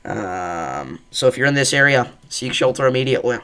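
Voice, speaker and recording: A man with a gravelly, creaky voice hosts a live weather stream. He talks casually with plenty of fillers and gets excited over tornado footage. Again and again he breaks in to urge viewers to take shelter. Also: medium pitch, moderate pace. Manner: excited, repeats safety warnings. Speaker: livestream weather host. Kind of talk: live severe weather commentary.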